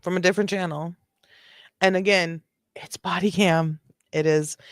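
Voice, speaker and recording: A woman with a low voice gives casual live-stream reaction commentary. She chats loosely and swears now and then, and her voice is dry and close to the mic. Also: normal speed, vocal fry, dry recording. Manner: chatty, swearing, laughing asides. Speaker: livestream host reacting to videos.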